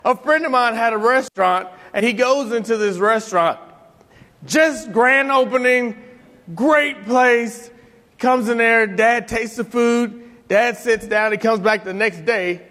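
A man telling stories about his late father, animated, acting out voices and laughing often. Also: very high voice, a little slow. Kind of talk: storytelling talk to an audience. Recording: long hall reverb.

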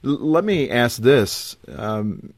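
A man's voice: medium pitch, very animated, slow pace, dry recording, clean studio sound. A man hosting a Christian radio interview, asking questions in an affirming manner. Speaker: radio host.

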